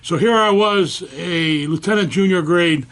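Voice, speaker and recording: Older man telling a lively anecdote. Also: high voice, unhurried. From United States. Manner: animated storyteller acting out quoted voices. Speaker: veteran interviewee. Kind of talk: telling a war-era anecdote.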